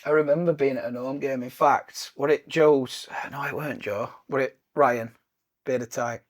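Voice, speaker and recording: A man's voice: mid-range voice, moderate pace. A man hosting a casual podcast chat, telling stories animatedly and laughing often. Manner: animated storyteller, laughs often, acts out swearing managers. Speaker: podcast host.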